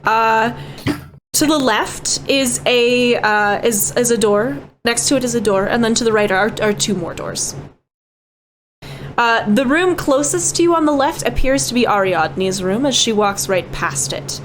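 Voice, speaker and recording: Give me a woman game master with a slightly high voice describing a tabletop scene in a relaxed, wry way. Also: unhurried, slight background noise.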